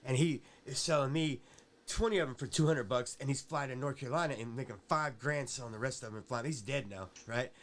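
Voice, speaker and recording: A man's voice: medium pitch, brisk, a bit bright. A man as a podcast guest, telling a rambling, profane story in casual chat and tagging his sentences with "right?".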